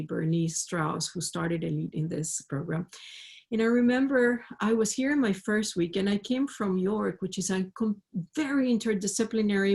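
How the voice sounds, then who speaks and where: A woman with a Spanish accent speaks on a panel over a video call, earnest and storytelling. Her voice has a gravelly fry, and she circles back over her words as she starts her thoughts. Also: medium pitch, darkish tone. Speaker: university professor on a panel. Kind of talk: panel discussion.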